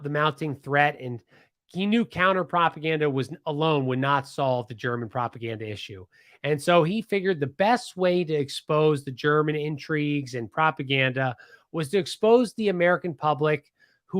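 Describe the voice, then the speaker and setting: A man from Pennsylvania tells a history story on his podcast in a casual, animated way, full of restarts and asides. His voice sits a bit high for a man. The recording is dry and close, with no room sound. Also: no echo. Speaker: podcast host.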